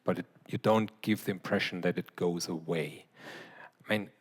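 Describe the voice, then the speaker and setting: A man with a fairly low voice answers a question during a lecture. He explains patiently and directly to the audience, speaking into a mic in a large hall. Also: steady tone, moderate pace, slightly rough. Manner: explanatory, demonstrating with his voice. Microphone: handheld or clip mic, briefly removed.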